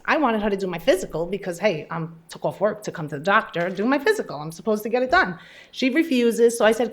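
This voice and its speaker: A woman's voice: medium pitch, fairly quick. Chatty woman telling her own story. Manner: chatty, animated storyteller who acts out dialogue. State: a little nervous. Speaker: patient speaking at an event. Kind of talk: personal story told to a live audience.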